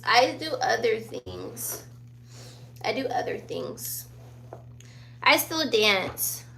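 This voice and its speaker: A young woman in her twenties talks in an unhurried, laid-back way, her youthful voice carrying a gravelly fry. She answers viewers' questions casually and laughs often. A faint noise sits under the recording. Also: on the high side, a bit bright. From born in Virginia, raised in Sicily and Germany. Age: 20s. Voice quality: youthful-sounding voice. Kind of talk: casual chat.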